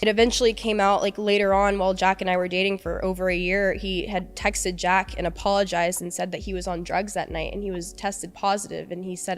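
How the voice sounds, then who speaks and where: A woman's voice: medium pitch, little pitch movement, fairly quick, few pauses. A young woman recounting a personal story as a podcast guest, rambling and peppering her talk with "like". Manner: rambling, heavy use of "like", emotional retelling. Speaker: interview guest.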